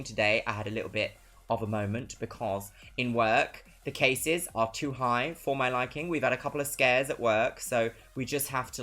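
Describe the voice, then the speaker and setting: Her voice is very deep, pushed and bright as this young woman from London, speaking with a London accent, chats on a live stream. She's bubbly and chatty, giggling often through the casual talk.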